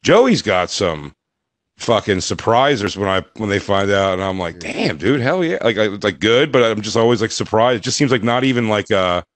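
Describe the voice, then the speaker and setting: Guy with a lowish voice, rambling comedy podcast stories, dry close mic. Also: moderate pace, dry recording. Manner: rambling storyteller, lots of fillers. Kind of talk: casual comedy podcast chat.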